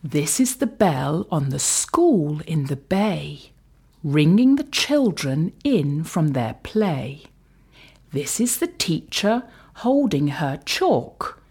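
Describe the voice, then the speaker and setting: A woman reading a rhyming picture book aloud, lilting and slipping into soft whispers. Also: low-pitched, sing-song, breathy edge. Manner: slow, lilting, drops to whispers. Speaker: storyteller.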